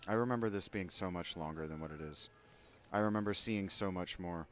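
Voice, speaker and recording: A man casually commenting while playing a video game, soft-spoken and reflective. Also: low voice, brisk. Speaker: game streamer. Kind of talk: casual let's-play commentary.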